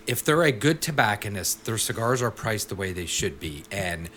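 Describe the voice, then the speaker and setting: Man, podcast co-host, lowish voice, wry and dry-humored, faint background noise. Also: sing-song, normal speed, a bit bright. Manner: wry, joking asides. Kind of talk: casual podcast chat.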